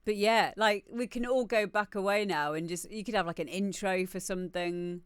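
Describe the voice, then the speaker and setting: A woman's voice: mid-range voice, normal speed, clean tone, no room sound, clean studio sound. A woman with a British accent hosting a live music stream, chatting casually as she reacts to a video. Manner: easygoing, reacting aloud to a video.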